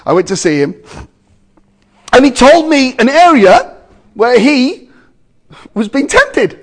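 A man preaching a sermon to a congregation, emphatic, with loud exclamations and quiet asides. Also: very high voice, very animated, takes it slowly.

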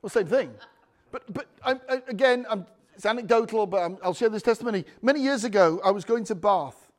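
A man with a high, slightly fast voice preaches a sermon built around his personal testimony. He restarts often and keeps calling for amens as he tells his story.

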